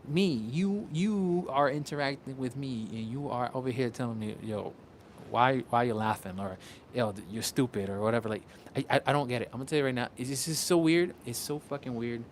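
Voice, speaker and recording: A man's voice: mid-range voice, quick pace, few pauses, slight background noise. A man from Puerto Rico chatting casually on a livestream as a content creator, rambling, restarting and swearing often.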